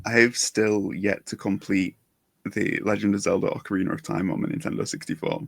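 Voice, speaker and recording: A man hosting a podcast, enthusiastic and quick to laugh loudly in casual chat. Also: lowish voice, steady tone, vocal fry, no echo. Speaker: podcast host.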